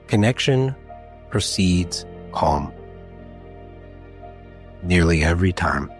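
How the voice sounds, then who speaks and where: A man hosting a podcast, talking in a calm, measured, gentle way in a scripted solo talk. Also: sits low, soft background music. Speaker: podcast host, therapist.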